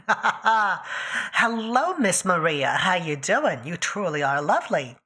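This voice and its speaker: Lively, teasing woman streamer. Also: fairly low pitch, takes it slowly. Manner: chatty, teasing, talks to chat by name while drawing. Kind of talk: casual live-stream chat.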